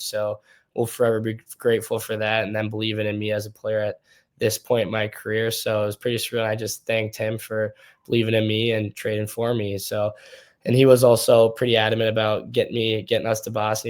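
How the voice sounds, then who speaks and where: A young man from Minnesota, a hockey prospect, answering interview questions in a relaxed, loose storytelling way. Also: fairly low pitch, clean tone. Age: young adult.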